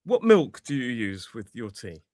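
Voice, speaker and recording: A man with a British English accent, chatting as a podcast co-host and English teacher in an animated way, exclaiming and laughing. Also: medium pitch, normal speed, no echo, studio quality. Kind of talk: casual chat.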